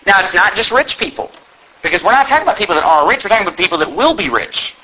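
A man's voice: high voice, sing-song, very fast, bright, forceful tone. A male pastor preaching a sermon, emphatic and full of rhetorical questions. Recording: dull lo-fi with faint noise.

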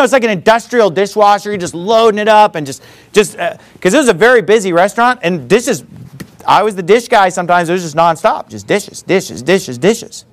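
Brief: male pastor, high and lively voice, emphatic conversational sermon. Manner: emphatic, conversational preaching with repeated asides.

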